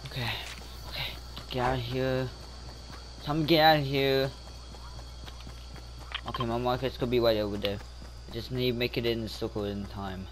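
A man hosting his own gaming channel, giving live gameplay commentary that swings between muttering to himself and panicked yelling. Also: medium pitch, fairly even intonation, normal speed, pauses often, background noise.

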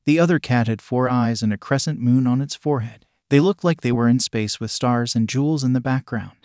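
A man narrating a story in an even, steady reading voice that speaks ellipses aloud as words. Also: medium pitch, fairly quick, no echo, clean studio sound.

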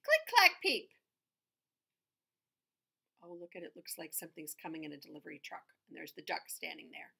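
A woman's voice: deep voice, flat delivery, quick pace, gravelly, few pauses, fairly bright tone, slightly rough. A woman reading a picture book aloud, breaking off into chatty asides and acting out the animal sounds. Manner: chatty asides to the listener between pages. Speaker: storybook reader.

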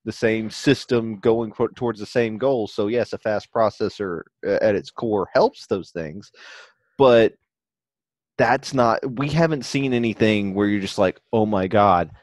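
A man's voice: fairly low pitch, a little slow, a little mellow, no room sound. A man co-hosting a podcast in casual chat, rambling and often restarting his thoughts. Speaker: podcast co-host.

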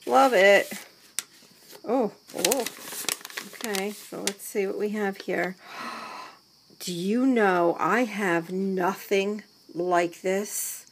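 Woman vlogger, slow-talking, gravelly, husky, gushing craft unboxing on a handheld camera. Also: mid-range voice, slight background noise. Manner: gushing, gasping, breaks into soft whispers. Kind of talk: excited unboxing chat to camera. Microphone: handheld camera mic.

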